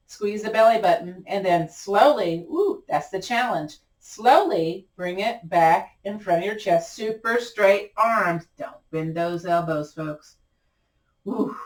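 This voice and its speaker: A woman teaching a gentle yoga class, giving encouraging, chatty cues and repeating them often, her voice cracking a little. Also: mid-range voice, reverberant, far from the mic. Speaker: yoga instructor. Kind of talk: guided yoga class instruction.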